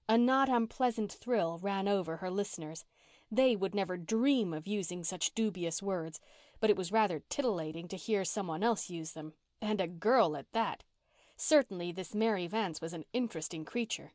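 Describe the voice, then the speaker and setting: A woman reads a classic novel aloud in an even, measured way, with her pitch sitting in a middle range. The recording is close and dry, with no room sound around her voice. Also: dry recording. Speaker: audiobook narrator. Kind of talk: scripted narration.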